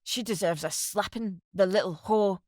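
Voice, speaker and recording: A woman voicing a jealous, furious sergeant husband who shouts coarse insults while short of breath. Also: medium pitch, normal speed, dry recording, clean studio sound, natural voice.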